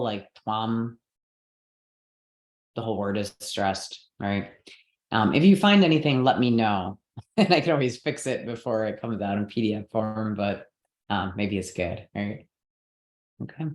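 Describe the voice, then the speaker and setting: A woman's voice: very deep voice, darkish tone, reverberant. A woman teaching a group how to pronounce and stress Sanskrit words, patient and explanatory, often checking in with "okay" and "right?". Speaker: yoga and mantra teacher.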